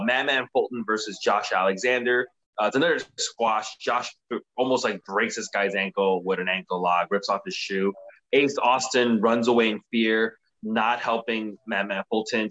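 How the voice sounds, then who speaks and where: A man co-hosting a casual podcast, recapping a show with animated, profane commentary. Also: lowish voice, muffled recording. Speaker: podcast co-host. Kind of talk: casual wrestling recap chat.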